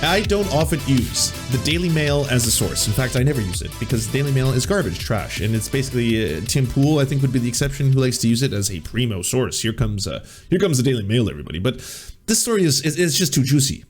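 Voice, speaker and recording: A man's voice: mid-range voice, sing-song, fast, faint music behind. Sarcastic man riffing on the news. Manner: sarcastic, laughs often, stammering restarts. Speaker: political comedy podcast host. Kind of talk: mocking news commentary.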